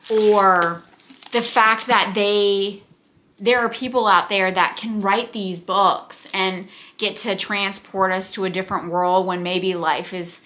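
Woman, young adult, from the United States, bright tone, book vlogger, chatty, rambling. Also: medium pitch. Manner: gushing, chatty, rambling asides. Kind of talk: casual chat.

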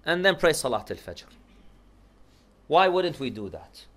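A man giving a religious lecture to a congregation, moving from calm advice into a loud, rising lament. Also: a little high, a little slow. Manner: moves from calm teaching into loud, rising, tearful chanted lament. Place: lecture hall.

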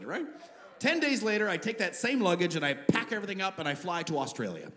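High-voiced man telling a stand-up story. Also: fast talker, a crowd in the background. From Canada. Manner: animated, bursts into shouting. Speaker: stand-up comedian. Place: comedy club stage. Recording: live stage recording with audience noise.

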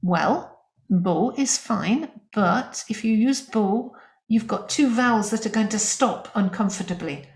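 A woman teaching French in an online lesson, explaining grammar with lively emphasis and spoken French examples. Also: medium pitch, measured pace, reverberant.

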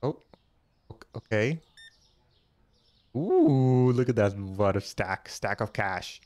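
Unhurried low-voiced man thinking aloud. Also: steady tone, no echo. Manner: chatty, thinks aloud, counts money out loud; jokey, easily startled. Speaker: gaming channel host. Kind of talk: casual let's-play commentary.

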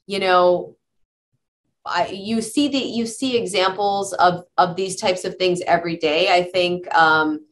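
Earnest woman psychologist sharing stories. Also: on the low side. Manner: warm storytelling, earnest, with many fillers and restarts. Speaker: guest psychologist and author. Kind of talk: conversational interview answers.

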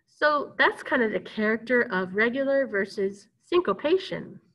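A woman's voice: fairly high pitch, expressive, moderate pace, a bit bright, low-quality recording. A woman teaching a recorded music lesson, cheerful, chanting rhythms and talking to pupils she cannot see. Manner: upbeat, chants rhythms and talks to unseen pupils.

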